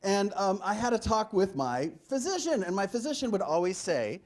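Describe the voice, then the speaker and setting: Male comedian doing a keynote on stage, very animated storyteller who acts out the other voices. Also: sits high, moderate pace. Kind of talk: stand-up keynote to a live audience. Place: large hall with a live audience.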